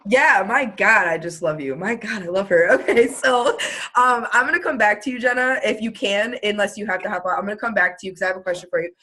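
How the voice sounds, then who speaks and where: Woman host, mid-pitch, effusive and chatty, video-call chat. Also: fast talker, sharp tone. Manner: effusive, gushing, lots of "like" and laughter.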